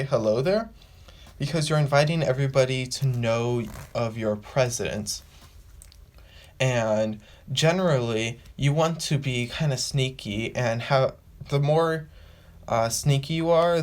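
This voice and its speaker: A man hosting a casual fan explainer, rambling and restarting, and repeating phrases as he works through his point. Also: medium pitch. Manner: acts out quoted lines with a raised voice. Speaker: fan video host.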